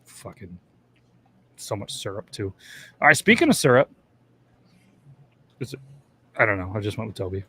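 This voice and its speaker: A man's voice: lowish voice, big pitch swings, moderate pace, long pauses, sharp tone, slightly rough. A man from New York co-hosting a podcast, talking loosely with profane jokes. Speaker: podcast co-host. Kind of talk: casual chat.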